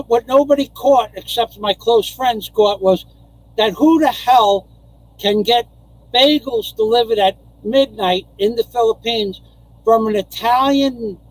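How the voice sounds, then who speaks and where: Slow, high-voiced older man rambling. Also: low-quality recording. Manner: rambling, repeats phrases, chuckles. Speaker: live streamer. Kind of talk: casual live-stream monologue.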